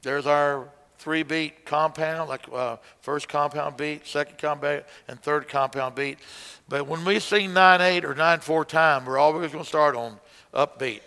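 Slow-talking man teaching song leading. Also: on the high side, pushed and bright, clean tone. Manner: explains conducting, breaks into hymn singing. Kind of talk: music lesson with singing. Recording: long hall reverb.

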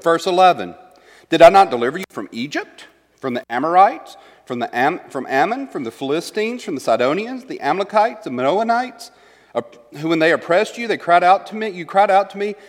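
A man teaching a Bible study class. He reads verses aloud and puts questions to the group. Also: fairly high pitch. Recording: long hall reverb.

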